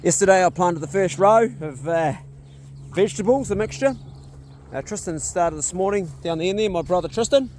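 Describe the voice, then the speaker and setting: A man, easygoing and chatty, talking casually in his vlog while working in a garden outdoors. His voice sits high for a man, with plenty of yeah and bro. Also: expressive, normal speed, a little mellow, a little hiss or hum. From New Zealand. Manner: laid-back, chatty, lots of yeah and bro. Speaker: vlogger.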